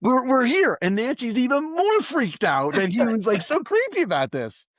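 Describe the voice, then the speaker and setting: A man's voice: very high-pitched, moderate pace, no room sound. A middle-aged man, an emergency services worker, telling a story in casual conversation and acting out the quoted voices. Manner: animated, acts out quoted voices. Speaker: EMS professional and podcast guest. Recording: dull, dry close recording.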